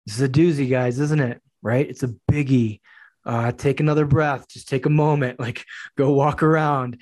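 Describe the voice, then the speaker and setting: A man's voice: mid-range voice, fairly even intonation, normal speed, a little mellow. A man hosting a podcast, asking questions casually and speaking directly to his listeners. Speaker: podcast host. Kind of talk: casual interview chat.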